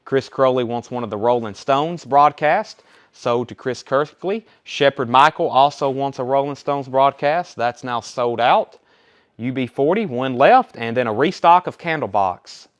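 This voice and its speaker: A young man hosting a live record sale, chatty and quick to rattle off titles and prices. His voice is smooth and clear, pitched in an ordinary middle range for a man. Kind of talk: casual live sales stream.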